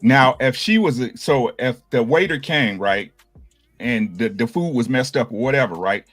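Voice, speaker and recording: A man's voice: mid-range voice, expressive, normal speed, fairly bright tone, no room sound. Man explaining, dry sound. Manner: explanatory, keeps asking "right?". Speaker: panelist. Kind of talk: casual podcast debate.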